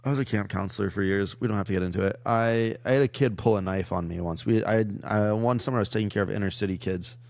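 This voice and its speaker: Man, low gravelly voice, dry close sound, casual podcast storytelling, rambling and laughing. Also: fast talker, few pauses, darkish tone, dry recording. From United States. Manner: rambling storyteller, laughs often, acts out quotes. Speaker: comedian guest.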